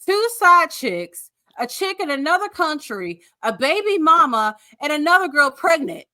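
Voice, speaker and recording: Woman guest, bright voice, lively pitch, blunt sassy opinions. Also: moderate pace, no room sound, studio quality. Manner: blunt, sassy commentary with slang. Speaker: podcast guest. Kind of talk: casual chat.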